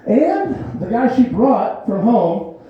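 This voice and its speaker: A man's voice: extremely high pitch, very animated, slow pace. A man doing a stand-up comedy set, telling a loose, rambling story and laughing often at his own lines. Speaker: stand-up comic. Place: small comedy theater stage. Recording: very echoey, dull theater recording.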